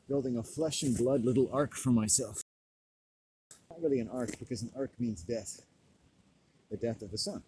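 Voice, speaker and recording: A stoned man delivering a rambling, profane monologue, loud and laughing often. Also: mid-range voice, normal speed, long pauses, a little hiss or hum, poor audio. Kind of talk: profane ranting monologue to camera.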